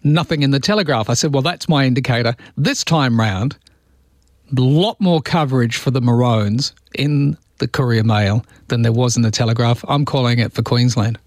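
A man's voice: mid-range voice, moderate pace, no room sound. Man, radio host, jovial and chatty, dry close studio sound. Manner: jovial, chatty, laughs easily. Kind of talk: talkback radio. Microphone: studio microphone.

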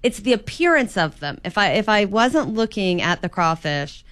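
A woman's voice: mid-range voice, very animated, normal speed, fairly bright tone. Chatty woman radio host. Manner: chatty, hesitant with many fillers. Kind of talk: casual radio interview.

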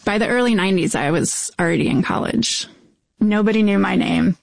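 A middle-aged woman activist narrating her past in a brisk, earnest, reflective way. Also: mid-range voice, gravelly, dry recording.

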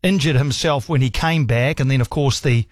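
A man's voice: mid-range voice, moderate pace, dry recording, studio quality. A man hosting a sports radio call-in show, enthusiastic, laughing often and reeling off stats. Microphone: studio microphone.

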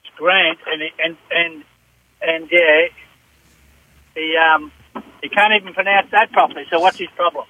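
A man's voice: fairly high pitch, steady tone, normal speed, pauses often, sharp tone, no echo, poor audio. A blunt, straightforward Australian man calling in to a radio show, swearing in casual chat. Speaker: caller. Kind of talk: phone-in chat.

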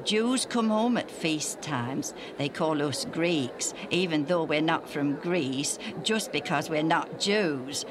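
Woman doing a steady, knowing male guide. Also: low voice, background noise. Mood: explaining. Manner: explanatory, measured. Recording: music playing underneath.

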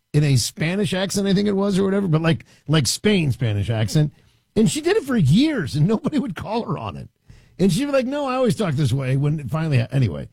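Sarcastic talk radio host, husky voice. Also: male voice, fairly high pitch, a little mellow, no room sound. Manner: sarcastic, mocking, conversational. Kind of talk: opinionated talk radio monologue.

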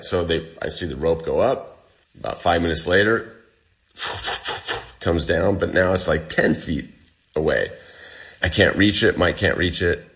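A man, the guest, recounts a personal ordeal in a casual storytelling way, with lots of fillers and a pace that speeds up and slows down. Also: low-pitched, a bit bright.

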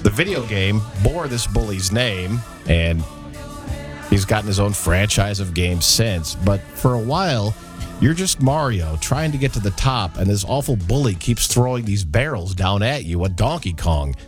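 A man co-hosting a casual chat, telling lively stories and acting out quotes. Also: lowish voice, moderate pace, over music. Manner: animated storyteller, acts out quotes. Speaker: co-host.

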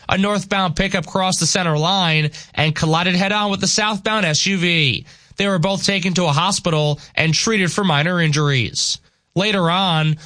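A man reading scripted regional news on radio with a crisp, steady delivery. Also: sits high, no echo. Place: radio studio.

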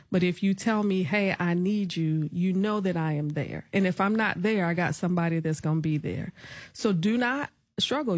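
A middle-aged woman hosting a radio talk show, encouraging and quick to laugh, in a studio. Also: on the low side, no echo. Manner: warm, encouraging, laughs often.

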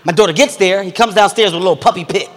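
A man's voice: sits high, racing, fairly bright tone. A man telling a stand-up story with intense, profane energy. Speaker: stand-up comedian. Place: comedy stage before a live audience. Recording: long hall reverb.

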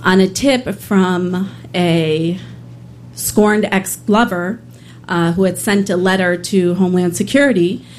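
Female storyteller, a public defender, earnest and slightly low, some hesitation. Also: slow, a little mellow, slight background noise. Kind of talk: live storytelling on stage.

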